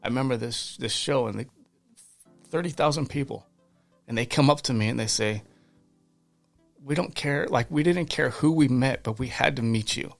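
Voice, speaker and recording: A man's voice: mid-range voice, normal speed, gravelly, long pauses, faint music behind. A man guest on a podcast, telling faith stories in an earnest, fervent way, with many restarts and repeated words. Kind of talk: casual interview storytelling.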